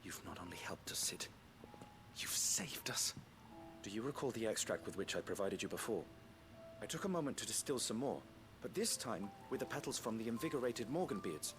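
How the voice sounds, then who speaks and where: A man's voice: fairly low pitch, sing-song, a little fast, over music. An actor playing a formal, pompous male plant scholar in a video game, speaking in a florid way.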